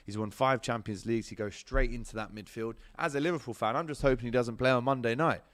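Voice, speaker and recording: A man's voice: medium pitch, fast talker, a bit bright, no room sound, clean studio sound. A male sports show host, chatting casually through football transfer news and viewer comments, with plenty of ums as he talks straight to his audience. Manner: chatty, lots of ums, addresses viewers directly.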